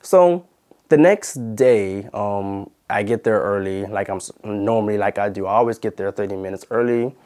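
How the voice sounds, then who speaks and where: A man's voice: fairly low pitch, moderate pace, a little mellow. A man hosting his channel, telling a personal story in a chatty way with lots of fillers. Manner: chatty, retells arguments, many fillers. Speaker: YouTube channel host. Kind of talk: casual storytime vlog.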